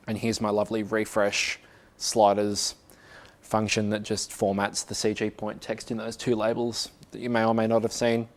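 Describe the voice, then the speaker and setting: A man's voice: lowish voice, monotone, moderate pace. Guy giving a laid-back tech talk, jokey about his own code, lots of likes. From Australia. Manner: chatty, self-mocking, lots of "like" fillers. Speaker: meetup speaker. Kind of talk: casual tech talk to a small audience. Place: office meeting room.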